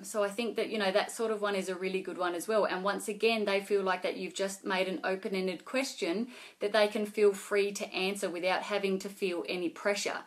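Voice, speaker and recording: A woman's voice: medium pitch, steady tone, a little fast. Chatty woman vlogger giving sales tips. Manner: chatty, many fillers and restarts. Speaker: network marketing vlogger. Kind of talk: casual advice vlog to camera.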